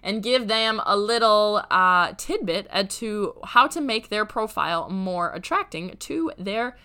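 A woman podcast host with a raspy, hoarse voice, giving energetic, direct business advice and repeating points for emphasis. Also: medium pitch, a little slow. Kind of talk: solo podcast, upbeat motivational talk.

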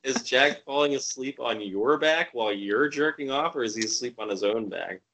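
A man co-hosting a podcast, animated and stammering, with loud outbursts. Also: medium pitch, normal speed, background noise. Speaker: podcast co-host. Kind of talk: casual chat.

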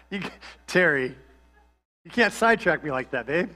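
A man gives a sermon in a high, bright voice. He preaches in a loose, conversational way and slips in jokes and asides. He is a pastor who grew up in Georgia. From Georgia, USA.

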